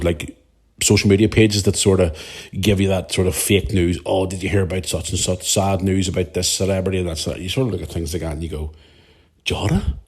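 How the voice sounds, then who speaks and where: A man's voice: sits low, darkish tone, husky. A man, hosting a podcast in a rambling, emotional monologue that swears freely. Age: 40s. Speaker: podcast host. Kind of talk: casual monologue.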